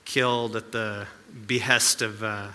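A man's voice: lowish voice, little pitch movement, unhurried, pushed and bright, long reverb tail. A male pastor giving a sermon in a conversational way, with asides and rhetorical questions.

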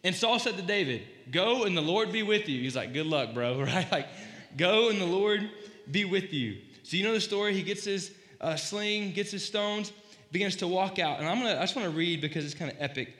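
A man giving a casual, animated sermon, joking and acting out quoted lines as he retells a story. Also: high-pitched, brisk. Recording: echoey hall, voice slightly distant.

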